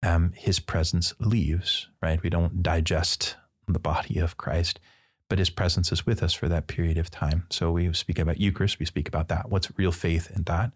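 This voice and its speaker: Deep-voiced priest telling a story. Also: male voice, moderate pace. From Midwestern United States. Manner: animated, acts out dialogue with playful asides. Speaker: priest guest. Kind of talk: casual storytelling interview.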